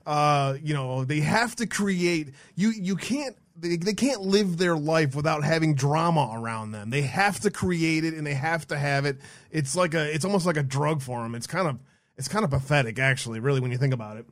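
A man's voice: on the high side, moderate pace, dry recording. Stammering male podcast co-host. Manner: stammers, repeats words. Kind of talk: casual chat.

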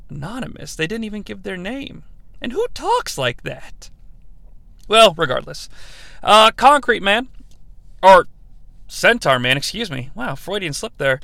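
Male host, overly polite and formal; high, animated, bright tone. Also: measured pace, gravelly, long pauses, no echo. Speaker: podcast host. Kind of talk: comedy podcast, reading listener questions.

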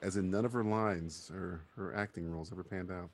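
A man's voice: low-pitched, steady tone, fairly quick, a little hiss or hum. A man casually riffing on a movie with a co-host, sarcastic and profane, laughing often.

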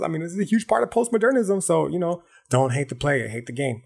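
A man's voice: fairly high pitch, slightly rough. Man, podcast host, raised voice, swears and slangs through a casual philosophy rant. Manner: profane, slangy, animated lecturing.

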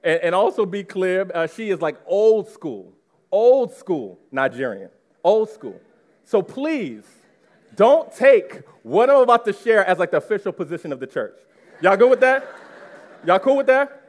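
A man in his thirties, a pastor preaching a sermon and speaking straight to his congregation in an animated way. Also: sits high, unhurried. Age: 30s. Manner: animated, addresses the congregation directly. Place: church before a live congregation.

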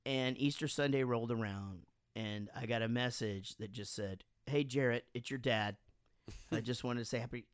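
A man casually telling animated stories on a podcast, swearing freely and acting out quotes, sounding a bit drunk. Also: medium pitch, normal speed, smooth, dry recording, studio quality. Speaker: podcast host and band frontman. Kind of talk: casual storytelling chat.

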